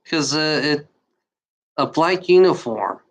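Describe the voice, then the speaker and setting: A woman from Germany giving an emotional unscripted monologue, out of breath and talking in halting, restarting bursts. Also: low voice, expressive. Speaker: channel host.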